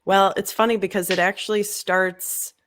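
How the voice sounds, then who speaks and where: A marketing agency owner, appearing as a guest on a podcast, tells her story in a casual interview and acts out past conversations along the way. Her medium-pitched voice is fairly bright, with a flat delivery and a normal speed.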